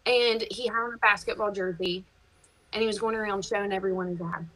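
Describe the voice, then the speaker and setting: A woman, a podcast guest, chatting casually and telling lively stories, swearing freely and laughing as she goes. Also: mid-range voice, brisk, dry recording, low-quality recording. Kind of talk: casual chat, storytelling.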